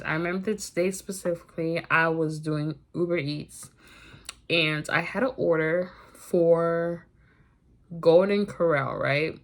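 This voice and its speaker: A young woman vlogger telling a personal story, candid and emphatic, in a casual storytime vlog. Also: fairly low pitch.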